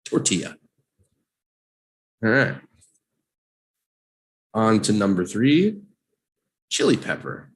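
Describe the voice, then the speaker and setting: A man leads a live online vocabulary lesson at an unhurried pace. His fairly low voice swings up and down with animation as he drills each word and has listeners repeat it. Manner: slow and animated, drills words with repeat-after-me prompts. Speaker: English teacher.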